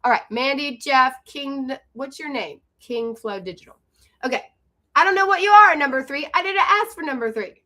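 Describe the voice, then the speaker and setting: Bright, high-voiced woman hosting a live stream. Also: expressive. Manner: fast, chatty, greets viewers by name. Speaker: livestream host and online coach. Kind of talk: live stream chat and sales pitch.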